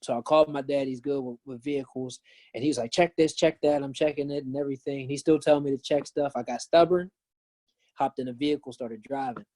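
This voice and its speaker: Earnest male pastor guest, warm low-key tone, dry recording. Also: quick pace, dry recording. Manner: earnest, animated when retelling. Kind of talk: casual storytelling.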